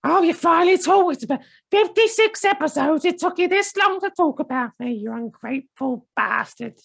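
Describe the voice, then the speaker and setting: A man's voice: extremely high pitch, lively intonation, moderate pace, vocal fry, fairly bright tone, voice pushed up, heavily acted. A man voicing a naggy old grandmother who scolds and guilt-trips her grandson. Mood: scolding. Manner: scolding, nagging.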